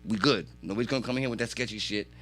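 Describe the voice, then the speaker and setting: A man telling animated, swear-filled stories as a podcast guest in a radio studio. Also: on the low side, rapid-fire, faint music behind. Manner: animated storytelling, heavy swearing. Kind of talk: casual chat.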